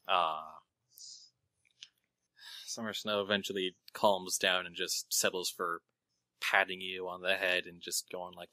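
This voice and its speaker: A man running a tabletop role-playing game as game master, chatty and quick to laugh. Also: sits low, level tone, sharp tone, no room sound.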